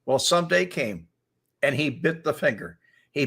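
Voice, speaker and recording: An older man hosting a casual talk show, telling animated stories and laughing often as he acts out quotes. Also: a little high, moderate pace, creaky, slightly rough. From Chicago area. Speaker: show host. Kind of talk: casual storytelling chat.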